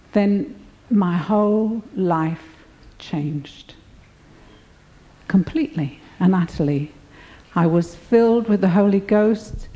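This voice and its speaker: A woman's voice: medium pitch, dark tone, muffled recording. An older woman giving an earnest, reflective personal testimony of her faith.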